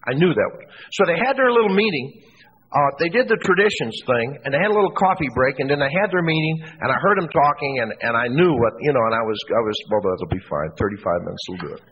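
A man with a slightly high voice tells a self-mocking, funny story to a big audience. The recording is dull and lo-fi, with long reverb from a large hall and faint hiss in the background. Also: animated, fast. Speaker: recovery meeting speaker. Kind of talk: humorous storytelling talk.

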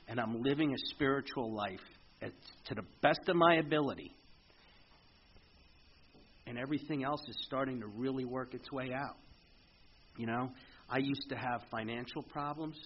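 A man's voice: medium pitch, slight background noise. Earnest middle-aged man sharing his recovery story. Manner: halting, earnest, with frequent restarts. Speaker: speaker sharing at a recovery meeting. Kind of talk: personal recovery testimony. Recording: muffled lo-fi meeting recording with faint ambience.

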